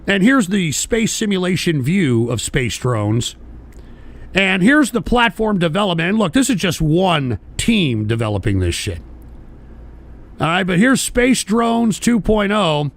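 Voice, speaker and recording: A man's voice: sits high, very animated, a little slow. A man hosting a live-streamed talk show, swearing at trolls and reading chat messages in a rambling, exasperated way. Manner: rambling with restarts and shouted outbursts. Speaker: host.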